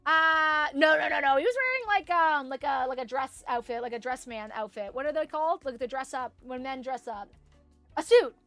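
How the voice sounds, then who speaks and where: A woman's voice: high-pitched, moderate pace, pushed and bright, no room sound, soft background music. A woman streaming a video game, chatting casually with viewers, giggly and swearing freely, with many fillers. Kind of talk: casual live-stream chat.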